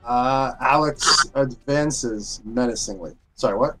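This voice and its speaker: Mid-pitched man narrating his character. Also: takes it slowly, fairly bright tone, faint music behind, low-quality recording. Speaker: tabletop game player. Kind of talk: casual game talk.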